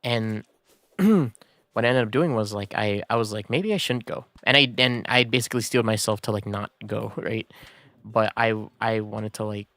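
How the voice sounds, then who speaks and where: A man's voice: fairly low pitch, moderate pace, a bit bright, no echo. A man streaming a game, telling a story in a casual, rambling way with many fillers and restarts. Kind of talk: casual storytelling while gaming.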